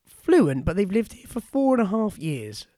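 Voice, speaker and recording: A man co-hosting a casual podcast, chatty and quick to argue. His voice sits high and swoops up and down a lot as he talks. The sound is dry and close. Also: very animated, dark tone, no echo. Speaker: podcast co-host. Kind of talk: casual chat.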